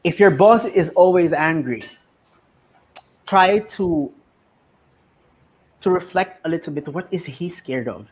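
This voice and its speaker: A man's voice: fairly high pitch, lively intonation, takes it slowly, pauses often, a little mellow, slightly rough. A man in his thirties hosting a casual interview, sharing reflective advice and often repeating his words as he thinks. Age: 30s. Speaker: host.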